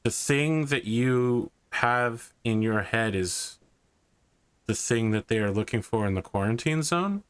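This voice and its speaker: A man voicing a stern, slow-spoken mother. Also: medium pitch, clean tone, dry recording, close to an everyday voice. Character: worried middle-aged mother confronting her son. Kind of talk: tabletop role-play voicing.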